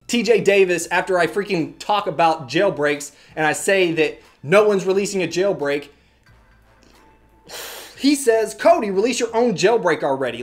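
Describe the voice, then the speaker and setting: A man's voice: high voice, lively intonation, normal speed. A young man hosting a tech channel, sarcastically reading viewer comments aloud and ranting back at them with frequent swearing. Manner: sarcastic, exasperated, swears freely, mocks commenters in silly voices. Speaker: YouTube tech host.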